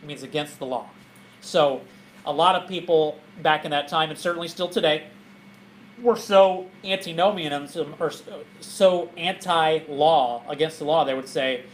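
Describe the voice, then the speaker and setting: Animated pastor, a man teaching scripture. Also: fairly high pitch, normal speed, a little hiss or hum, low-quality recording. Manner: animated, laughing, asking the group questions. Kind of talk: Bible study teaching.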